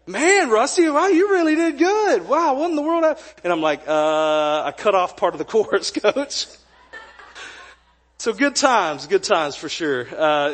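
A young man preaching a sermon as pastor, telling a personal story in a jokey, animated way with acted-out quotes. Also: high voice. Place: church sanctuary.

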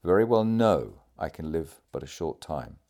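A man's voice: expressive, moderate pace. Man reading as a dying, stoic naval commander. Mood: weary, resigned. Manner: weak, low, fading delivery with sudden forceful outbursts.

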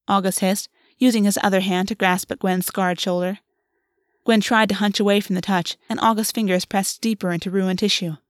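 A woman narrating a novel in an even, measured audiobook reading. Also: mid-range voice, no echo, clean studio sound. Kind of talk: scripted narration.

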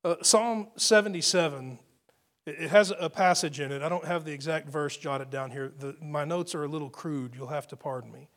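A man preaching a sermon to his congregation, earnest, swelling into emphatic lines and dropping into soft asides. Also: fairly high pitch, moderate pace. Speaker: pastor.

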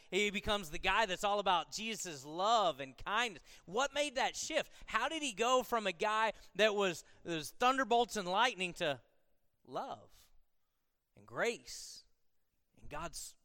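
A man with a high, bright voice preaches a sermon, talking with the congregation in a casual way before building into strong, repeated phrases. His voice comes through clean and close, with a long reverb from the hall trailing behind it. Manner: conversational, building to emphatic repetition. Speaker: pastor.

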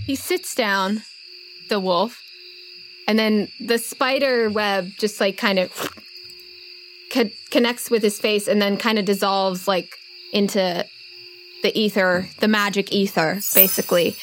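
A woman narrating as game master of a tabletop game, with lively, laughing descriptions. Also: medium pitch, a little slow, pauses often, slight background noise, low-quality recording.

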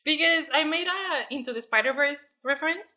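A woman's voice: high-pitched, a little fast. A woman co-hosting a casual podcast chat, telling stories with frequent laughter; English is not her first language. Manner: animated storytelling with frequent laughter. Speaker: podcast co-host.

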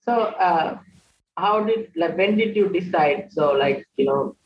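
Guy host, bit high voice, stumbling over his question, muffled and distant. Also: expressive. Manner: halting, restarts, many fillers. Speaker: podcast host. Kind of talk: casual interview questions. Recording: distant, echoey, muffled, crowd noise behind.

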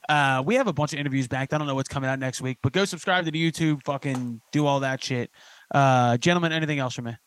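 Fast-talking man hosting a podcast. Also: medium pitch, smooth. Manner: fast, jokey, swears freely. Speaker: podcast host. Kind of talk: casual chat.

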